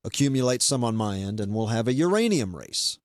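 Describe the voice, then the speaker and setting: A man's voice: mid-range voice, very animated, fairly quick, dry recording, studio quality. A man chatting casually as a podcast host, rambling loosely with many fillers and restarts. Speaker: podcast host being interviewed. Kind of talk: casual chat.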